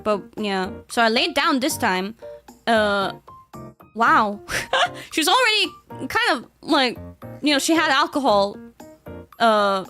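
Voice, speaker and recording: A woman's voice: fairly high pitch, sing-song, slow, pauses often, pushed and bright, soft background music. A young woman streamer in casual chat, rambling with lots of fillers and frequent giggles.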